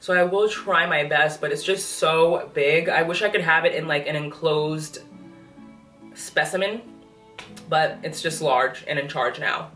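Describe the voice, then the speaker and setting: A woman's voice: low-pitched, measured pace, fairly bright tone. Breathless, chatty pregnant woman vlogging. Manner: chatty, enthusiastic, gushing. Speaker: plant vlogger. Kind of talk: casual plant update vlog. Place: apartment room with plants, indoors. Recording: echoey room, voice from a distance, faint music.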